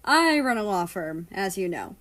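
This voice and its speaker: A woman's voice: mid-range voice, very animated, moderate pace, fairly bright tone. A woman voicing a jovial middle-aged man who jokes heartily. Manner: joking, hearty.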